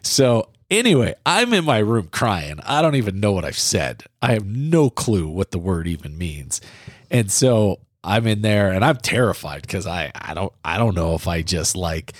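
This middle-aged Midwesterner, co-host of a parenting podcast, pokes fun at himself while telling a childhood story in a relaxed, lively manner. His voice sits on the low side, captured in clean studio sound without echo.

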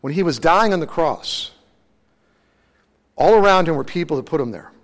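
Guy pastor preaching, high voice, asks the crowd stuff then answers it, big echoey hall. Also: lively intonation, moderate pace. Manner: asks the congregation questions and answers them. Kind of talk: sermon. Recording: long hall reverb.

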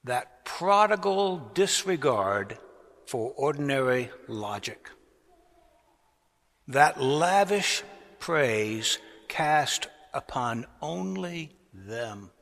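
Slow-preaching man in a cathedral. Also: mid-range voice, sing-song, fairly bright tone. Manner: slow, deliberate preaching with swelling emphasis. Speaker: pastor. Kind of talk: sermon. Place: large cathedral. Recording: long cathedral reverb.

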